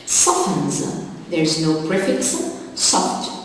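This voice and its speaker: A woman's voice: low-pitched, expressive, very slow, slight background noise. Female teacher reading a vocabulary lesson unhurriedly, recorded far off in a very echoey room. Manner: carefully spelling out word forms. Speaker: English teacher. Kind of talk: slow deliberate classroom explanation.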